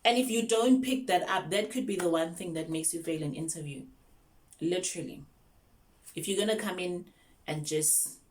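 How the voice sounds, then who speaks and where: A young South African woman with a low-pitched voice teaches English online. She chats casually through her tips, mixing English with Zulu.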